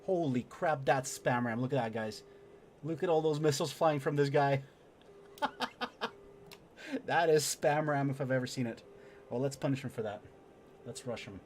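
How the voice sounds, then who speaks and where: A man streaming a flight sim, explaining his systems and muttering excited remarks while he fights. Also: mid-range voice, moderate pace, long pauses, slight background noise. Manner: excitable, mutters to himself mid-dogfight. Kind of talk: live gameplay commentary and tutorial.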